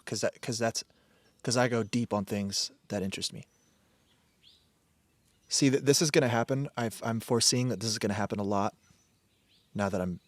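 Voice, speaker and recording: Speaking in a lowish voice on a dry recording, a man runs a solo podcast. His talk is rambling and profane, and he frequently breaks off partway through a thought to begin again.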